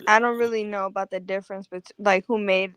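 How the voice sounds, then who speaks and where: A woman co-hosting a casual talk show, calm and questioning. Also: mid-range voice, fairly quick, clean tone, dry recording. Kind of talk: casual chat.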